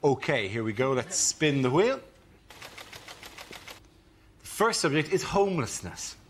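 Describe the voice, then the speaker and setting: A man hosting a comedy panel show, briskly announcing rounds and topics. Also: medium pitch, big pitch swings. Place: TV studio before a live audience. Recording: TV studio with loud audience noise.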